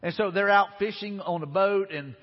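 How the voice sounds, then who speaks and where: At a moderate pace, a man pastor with a high voice preaches a sermon, retelling scripture in a conversational manner with frequent restarts. The audio is dull and lo-fi, captured in a reverberant hall.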